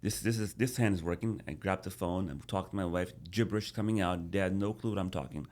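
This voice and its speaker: A man in his thirties, appearing as a podcast guest, tells a personal story casually and animatedly, restarting many times. His voice is low-pitched and he talks fast.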